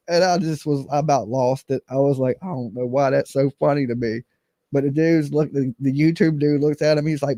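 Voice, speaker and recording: A man's voice: medium pitch, fairly quick, mellow, no room sound, studio quality. A man hosting a casual commentary stream, blunt and rambling, swearing freely. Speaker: channel host.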